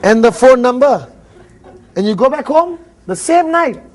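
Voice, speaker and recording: A motivational speaker with a Malaysian English accent addresses a live audience at a seminar in an extremely high voice with big pitch swings, speaking a little slowly over some chatter behind him. He jokes, acts out little dialogues, and laughs often.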